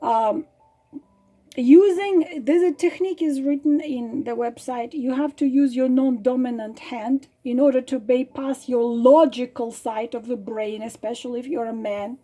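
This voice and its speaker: Slow, soft-spoken emotional woman. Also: sits high, soft background music. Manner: emotional, soft, halting with fillers. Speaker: tarot reader. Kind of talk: casual guided exercise talk.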